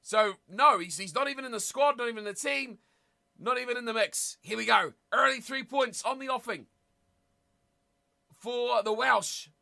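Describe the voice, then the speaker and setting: A streamer giving casual live commentary at a rugby watch party, chatting with viewers and shouting with excitement at big plays. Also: mid-range voice, normal speed, gravelly. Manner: chatty, talks straight to viewers in chat.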